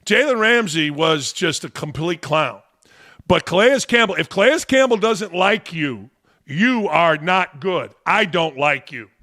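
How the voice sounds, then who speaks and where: A man's voice: on the high side, lively intonation, unhurried, sharp tone. A man hosting a sports talk show, giving blunt, combative opinions. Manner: blunt and combative, talks back to the audience.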